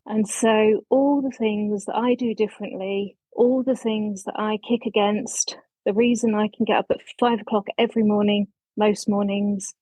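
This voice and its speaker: A woman's voice: medium pitch, steady tone, normal speed, dark tone, dry recording, low-quality recording. A woman in her fifties from England introducing herself on a podcast in a bubbly, self-deprecating way. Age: 50s. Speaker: community member.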